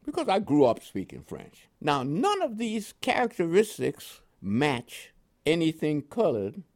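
Lively older man telling war stories. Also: fairly high pitch, measured pace. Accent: New York with West Indian touches. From Panama. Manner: lively storyteller who laughs often and acts out dialogue. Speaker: interviewee, veteran. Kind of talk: oral history storytelling.

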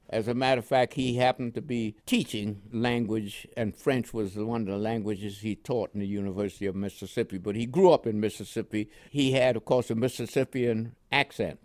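Older male guest, rambling storyteller, dry close sound, mid-pitched voice. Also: a little mellow, no echo. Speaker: veteran guest. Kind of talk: oral history interview.

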